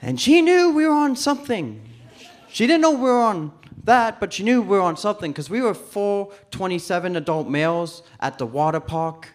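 A man's voice: sits high, lively intonation, normal speed. A man doing stand-up comedy on stage, telling a story and acting out the other people's voices. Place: comedy club stage before a live audience.

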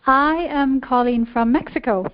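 A woman's voice: sits high, steady tone, normal speed. An Irish woman calling in to a show, chatty and upbeat. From Ireland. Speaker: caller. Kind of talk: casual phone-in chat. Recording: dull lo-fi call audio.

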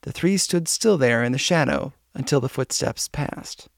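Gravelly male storybook narrator. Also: medium pitch, moderate pace, no room sound, clean studio sound. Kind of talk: storybook reading.

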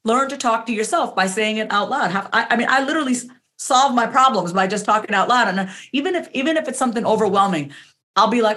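A woman's voice: a little high, quick pace, pushed and bright. A woman coach guesting on a podcast, talking candidly and emphatically, cursing freely and acting out her own inner voice. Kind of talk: casual interview talk.

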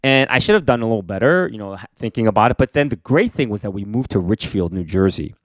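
A man in his forties, born in Korea, co-hosting a podcast and telling a lively personal story with laughter. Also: on the low side, fast, dry recording, clean studio sound. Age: 40s. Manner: animated, laughing, acts out voices. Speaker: podcast co-host. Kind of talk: casual storytelling chat.

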